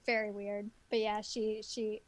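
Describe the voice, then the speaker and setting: A woman's voice: medium pitch, level tone, a little slow. A woman co-hosting a podcast, chatting casually about a film with wry, joking asides. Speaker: podcast co-host.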